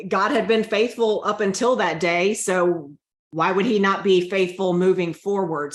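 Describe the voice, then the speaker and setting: An earnest woman speaking with heartfelt emotion as an interview guest. Her voice sits a little low. It rings in a roomy, echoey space. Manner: earnest, emotional, often quotes her own prayers. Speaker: guest sharing a personal story.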